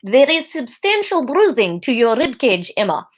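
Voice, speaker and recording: A woman voicing a wary female doctor with a put-on Russian accent, questioning slowly and carefully in a read-aloud story. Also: high-pitched, very animated, voice pushed up. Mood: wary concern. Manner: slow, careful, faintly annoyed questioning. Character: wary female doctor, middle-aged, probing.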